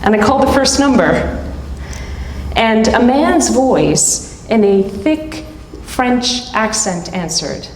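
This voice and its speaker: Middle-aged woman storyteller, unhurried and pausing, heard in a roomy hall with a long reverb tail. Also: a little high, lively intonation, a little mellow, slight background noise. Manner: deliberate, dramatic pauses between short phrases. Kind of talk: live storytelling performance. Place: stage at a live event hall.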